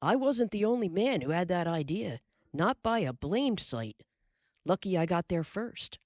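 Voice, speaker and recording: A woman's voice: lowish voice, sing-song, a little slow, darkish tone, dry recording, clean studio sound, voice pushed up. A woman voicing a hearty middle-aged frontier father telling a tale in a folksy drawl. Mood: lively.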